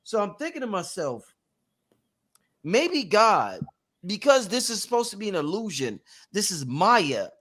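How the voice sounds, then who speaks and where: A male host with a high voice talks in an animated, theatrical way. His pitch swoops widely as he spins out his ideas. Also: a little slow, long pauses, breathy edge. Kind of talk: panel talk.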